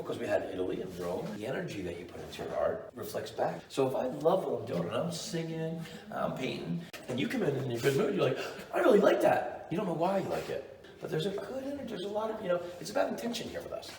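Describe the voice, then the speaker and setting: A man giving a guided walking tour of his painted rooms, an enthusiastic and animated storyteller. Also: on the high side, fast talker. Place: indoor building hallways and rooms. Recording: roomy echo, distant mic.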